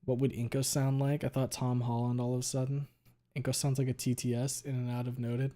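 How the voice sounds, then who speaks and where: A male streamer chatting casually with viewers, talking quickly and running words together, with a lot of swearing. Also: medium pitch, little pitch movement, mellow. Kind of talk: casual chat reading viewer messages.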